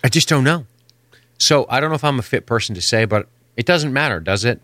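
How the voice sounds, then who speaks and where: A man's voice: mid-range voice, lively intonation, a little fast, bright, forceful tone, no room sound. A man co-hosting a podcast, chatting casually and opinionated, rambling and swearing freely. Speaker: podcast co-host. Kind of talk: casual chat.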